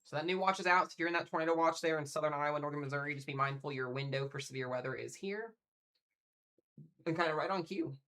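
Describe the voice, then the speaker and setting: A man streaming live severe weather coverage from home, chatting excitedly and talking straight to his viewers. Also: fairly high pitch, fast talker. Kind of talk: casual live weather commentary.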